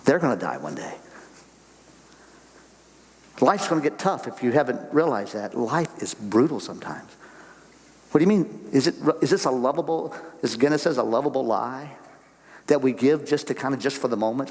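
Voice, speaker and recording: A man's voice: medium pitch, expressive, normal speed, big-room sound, poor audio. An older man preaching a sermon to a church congregation in a folksy, conversational way, full of rhetorical questions. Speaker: guest speaker on missions. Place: church sanctuary.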